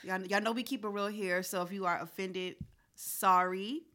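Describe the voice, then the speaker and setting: A woman co-hosting a podcast, chatting candidly and expressively. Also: medium pitch. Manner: candid, expressive, quick asides. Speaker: podcast co-host. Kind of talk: casual chat.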